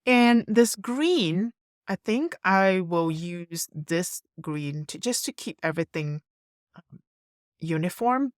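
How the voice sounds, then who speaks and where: A woman narrating a screen-recorded design tutorial, thinking aloud in a relaxed way as she works. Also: on the low side, takes it slowly, no echo, studio quality.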